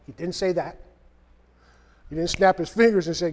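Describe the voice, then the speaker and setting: A man's voice: sits high, expressive, normal speed, long pauses. A man preaching a conversational sermon, reading scripture and acting out the quoted voices. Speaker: speaker. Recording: long hall reverb.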